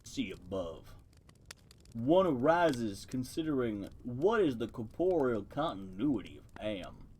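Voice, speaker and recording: A man voicing a slow, deep, gravelly creature that talks like a pedantic lecturer. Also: very animated, a little mellow, slight background noise. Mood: ponderous. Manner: ponderous, lecturing.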